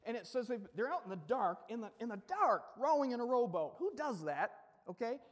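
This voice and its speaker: Male pastor, very high voice, playful storytelling sermon, long hall reverb. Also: big pitch swings, fairly quick. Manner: casual, joking storyteller who acts out the scene.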